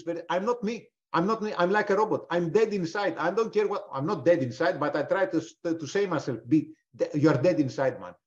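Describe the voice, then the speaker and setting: A fairly high-voiced man leads a live trading webinar over a video call. He talks emphatically, throwing out questions and answering them himself, and swears now and then. The audio is a little dull and lo-fi. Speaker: prop trader presenting a webinar.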